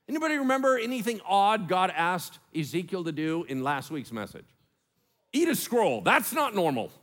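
A man preaching a sermon as pastor, joking and acting out little voices as he teaches. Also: sits high. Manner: animated, joking, acts out voices.

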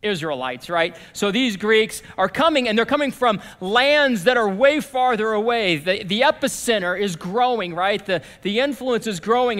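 A man preaching a sermon as pastor, talking in a conversational way that swings from lively to hushed. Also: high-pitched, moderate pace, few pauses. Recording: long reverb of a church hall.

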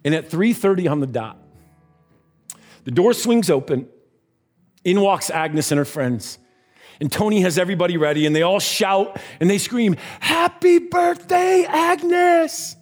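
Man telling a story over soft music. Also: a little high, normal speed. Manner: animated storyteller, voices the characters. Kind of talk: sermon storytelling.

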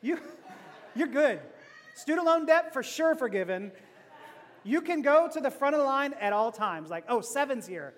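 A man preaching a sermon, playful and joking, dropping from loud to hushed and back. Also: extremely high pitch, big pitch swings, measured pace, pauses often, long reverb tail. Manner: playful, laughing asides, swings from loud to hushed. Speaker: pastor.

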